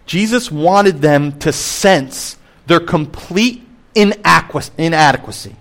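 A middle-aged man, a pastor, preaching a sermon with emphatic rises and hushed drops. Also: high-pitched. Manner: expressive, swings between emphatic and hushed.

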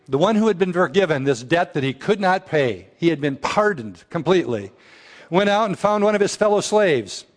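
A man preaching an earnest sermon, often dropping his voice low and slow for quoted prayers. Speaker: pastor.

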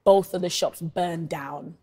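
A woman's voice: lowish voice, slow, dark tone, husky. A woman voicing a middle-aged churchwoman with a thick Jamaican accent, giving a preachy, triumphant testimony to the congregation.

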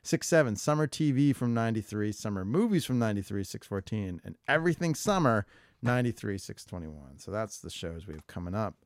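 A man's voice: fairly low pitch, sing-song, a little fast, dry recording, clean studio sound. A man co-hosting a podcast, rambling and joking casually while filling airtime, swearing freely. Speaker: podcast co-host.

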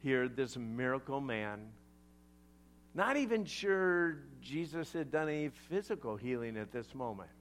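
A male pastor preaching a sermon, retelling a scripture story with animated asides to the congregation. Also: mid-range voice, a little slow, slight background noise.

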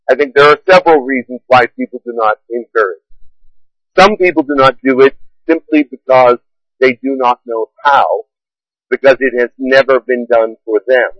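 A middle-aged man delivers a sermon from the pulpit in an earnest, measured way, slowing down to press key words. His voice sits at an ordinary middle pitch. The sound is close and dry, with no room echo. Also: fairly bright tone, muffled recording. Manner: earnest, measured preaching with slow emphatic stresses. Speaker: pastor.

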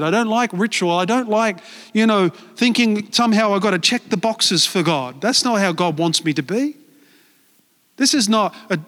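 A man's voice: high voice, a bit bright, long reverb tail. A male pastor giving a sermon in a church, earnest and conversational, often repeating words as he searches for them.

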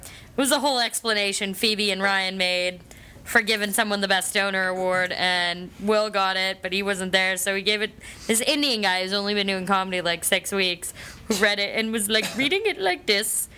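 A woman's voice: mid-range voice, moderate pace, pushed and bright, smooth. A woman co-hosting a comedy radio talk show, rambling through stories with constant fillers and swearing. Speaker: co-host. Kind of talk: casual comedy chat.

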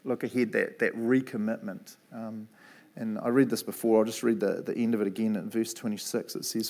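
Chatty New Zealand preacher. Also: male voice, medium pitch, fairly even intonation, moderate pace, a little mellow. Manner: casual and chatty, lots of "eh" and "right". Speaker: preacher and Bible college principal. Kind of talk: sermon.

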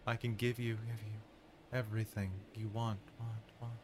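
A man's voice: fairly low pitch, level tone, moderate pace, noisy background, close to an everyday voice. A man whispering as a cold ghostly goddess. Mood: coaxing, tempting. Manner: soft whispering, echoing repeated words. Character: cold ethereal female ice goddess spirit. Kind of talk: whispered role-play.

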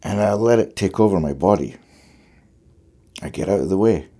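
A man's voice: sits low, expressive, moderate pace, mellow. A male fiddler in conversation, talking thoughtfully and searching for his words as he describes how he plays. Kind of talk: conversational reflection on music.

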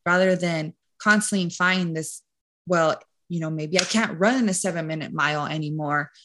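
A woman's voice: deep voice, moderate pace, noisy background. A woman nutrition and mindset coach talking casually as a podcast guest, rambling and full of "like" and "you know".

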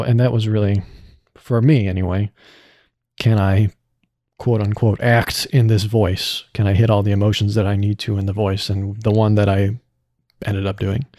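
A man's voice: fairly low pitch, mellow, dry recording, studio quality. A man who voices a character on a podcast, talking it over in a reflective, rambling way with many restarts. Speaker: voice actor. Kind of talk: casual podcast chat.

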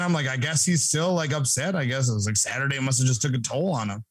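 A man's voice: medium pitch, quick pace, hardly any pauses, dry recording. A man co-hosting a podcast, telling a prank story in casual chat and acting out what others said. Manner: animated, acts out quotes of others. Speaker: podcast co-host.

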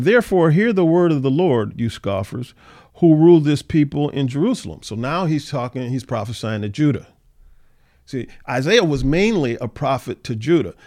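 A man at a middle pitch teaches an informal Bible study in a loose, chatty way. He reads a passage aloud, then talks through it with plenty of little fillers, and he gets animated when he acts out the mockers in the text. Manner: reads scripture aloud, then paraphrases it conversationally with many uh fillers; animated, acts out the scoffers' voices in a mocking tone.

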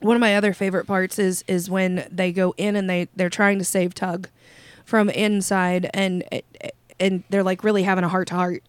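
A woman's voice: medium pitch, flat delivery, moderate pace, clear, resonant tone, no echo. Casual profane woman recapping a movie. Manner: casual and profane, laughs, acts out quotes. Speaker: podcast co-host.

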